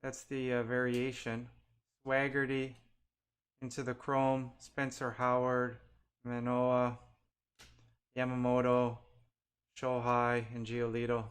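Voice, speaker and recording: A man at medium pitch hosts a live-stream pack opening with completely flat delivery, speaking slowly and pausing often. He reads out player names one by one as he opens packs and chats with viewers.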